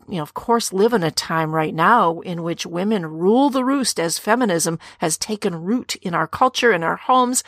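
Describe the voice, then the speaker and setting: A woman's voice: fairly low pitch, dry recording, clean studio sound. A middle-aged woman hosting a Bible teaching podcast, speaking earnestly straight to women listeners and asking rhetorical questions. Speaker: podcast co-host teaching on scripture.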